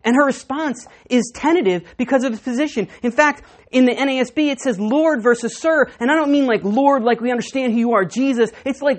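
A woman pastor preaching a sermon, telling stories and moving between hushed and emphatic delivery. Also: sits high, brisk, hardly any pauses. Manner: storytelling, animated, swinging between hushed and emphatic.

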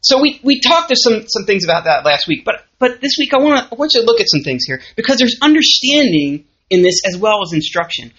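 Lively Southern woman teaching a church class. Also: medium pitch, brisk, hardly any pauses. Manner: lively, conversational, asks the audience questions. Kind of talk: sermon. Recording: muffled lo-fi recording.

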